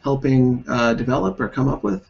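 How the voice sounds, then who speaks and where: A man's voice: mid-range voice, lively intonation, normal speed, gravelly, muffled recording, a crowd in the background. A man hosting an interview, asking curious, playful questions in a casual chat. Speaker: podcast host.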